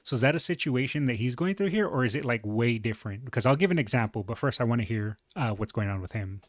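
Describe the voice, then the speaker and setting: A man with a moderately deep voice reacting to a video in a relaxed, chatty way, thinking aloud with fillers. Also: fast, no room sound, clean studio sound. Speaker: reaction streamer. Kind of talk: casual reaction commentary.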